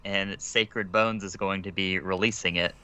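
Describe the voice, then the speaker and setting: A man co-hosting a podcast in casual chat, making dry, deadpan remarks. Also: low-pitched, measured pace, clean tone. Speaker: podcast co-host.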